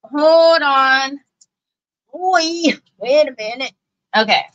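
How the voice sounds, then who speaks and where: A woman's voice: sits high, drawn-out words, a bit bright, muffled recording. A woman, hosting a casual craft livestream in a chatty, folksy way and talking straight to her viewers. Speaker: craft show host.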